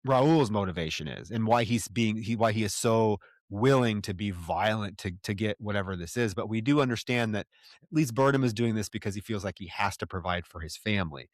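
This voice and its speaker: A man's voice: lowish voice, lively intonation, brisk, dry recording, studio quality. A man co-hosting a film podcast, animatedly retelling scenes in casual chat and swearing freely. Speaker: podcast co-host.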